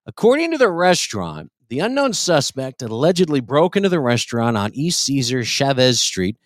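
A man's voice: mid-range voice, sing-song, a little fast, dry recording, studio quality. A man hosting a comedy podcast, telling crude stories with a profane, wisecracking manner. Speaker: podcast host.

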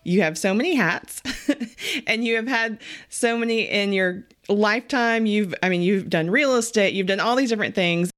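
A woman's voice: medium pitch, moderate pace, a bit bright. A woman hosting an interview, asking questions in an encouraging way and laughing along with her guest. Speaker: interview host. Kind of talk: casual interview conversation.

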